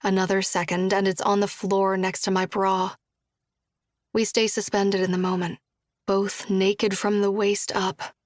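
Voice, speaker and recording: A woman narrating a first-person audiobook in a soft, even voice, dropping to a hush for her own dialogue. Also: medium pitch, a little slow, no echo, clean studio sound.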